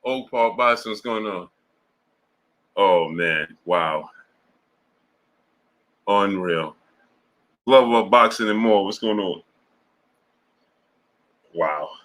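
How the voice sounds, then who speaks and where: Reading chat out loud on his boxing livestream, this host keeps it casual, bursting into hard laughter with stretched-out exclamations and playful voices for quoted lines. He speaks on the low side with a slightly bright tone.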